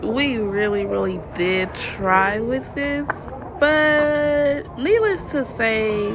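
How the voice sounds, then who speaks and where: Over music, a woman with a high-ish, animated voice speaks at a slow pace while filming a casual family vlog as she walks around a public attraction. She's playful, teasing and laughing often as she talks to the camera, and the handheld phone audio is noisy.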